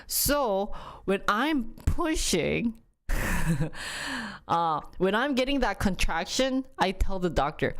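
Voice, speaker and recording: A young woman streamer chatting casually with viewers, telling a story in an animated way and acting out quotes with sudden jumps in pitch. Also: moderate pace.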